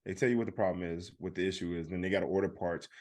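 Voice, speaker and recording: A man's voice: sits low, fairly even intonation, rapid-fire, darkish tone. A man co-hosting a podcast, telling a story in casual chat and acting out the other people's lines. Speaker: podcast co-host.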